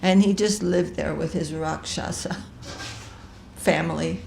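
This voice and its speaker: A woman's voice: low voice, steady tone, measured pace, creaky, darkish tone. A woman retelling a sacred story in a chatty, digressive way, often correcting herself. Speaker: devotional reader. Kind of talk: storytelling scripture reading. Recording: echoey room with faint hiss.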